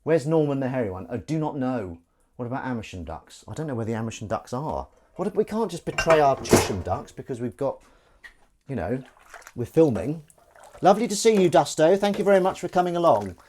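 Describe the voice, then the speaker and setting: Chatty English man with lively pitch. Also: fairly quick, background noise. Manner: jokey, rambling, chats to viewers between tasks. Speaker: live-stream host. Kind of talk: casual chat while washing dishes.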